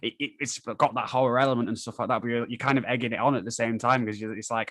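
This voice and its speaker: A man's voice: medium pitch, steady tone, fast, a bit bright, dry recording. A man in a casual livestream chat, talking hesitantly with many stammered restarts.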